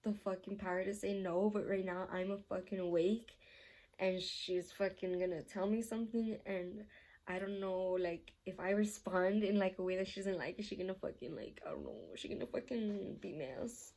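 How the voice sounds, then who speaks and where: At a normal speed and medium pitch, a young woman vlogger recounts a story in a casual Q&A. It's a rambling telling packed with filler words and frequent swearing, and she's animated, laughing throughout.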